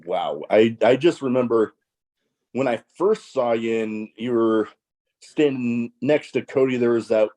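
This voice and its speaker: A man hosting a podcast in casual chat, reacting excitedly. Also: unhurried. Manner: excitable, swooping pitch. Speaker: podcast host.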